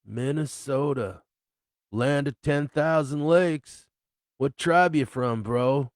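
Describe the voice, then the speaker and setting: A man voicing a laid-back, polite male homeowner with a relaxed way of talking. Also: mid-range voice, slow pace, no echo, studio quality, pitched above the performer's own voice, close to an everyday voice. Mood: easygoing. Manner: relaxed, polite, says "bro".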